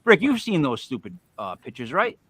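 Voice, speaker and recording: A man's voice: fairly high pitch, wildly swooping pitch, moderate pace, a bit bright, husky, no room sound. A man hosting a casual chat show, joking and rambling with a Northeastern accent. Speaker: podcast host.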